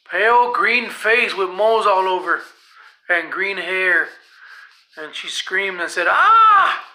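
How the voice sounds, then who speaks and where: A male storyteller with a sharp, bright voice, telling a spooky tale at a very slow, deliberate pace. He lets his voice drop low and rise loud for drama, and his pitch sits a touch high. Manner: slow, dramatic, shifting loudness.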